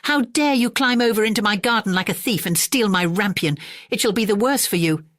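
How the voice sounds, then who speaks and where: A woman's voice: low voice, moderate pace, fairly bright tone, no echo, studio quality. A woman voicing a mighty, angry old witch woman in a storybook reading, harsh and commanding.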